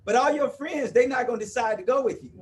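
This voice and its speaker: Speaking to a live audience in an event room, a motivational speaker around fifty keeps things playful and chatty, frequently checking in with "you with me?". His voice is extremely high and animated, and he talks fast; recorded from afar, the audio carries a little hiss or hum.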